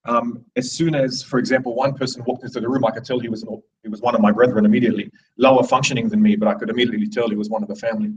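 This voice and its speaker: A man's voice: medium pitch, steady tone, very fast, few pauses, a little mellow, distant mic, highs cut off. A man in his thirties giving a rambling, digressive live speech to an audience, with many restarts. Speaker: speaker at a live event.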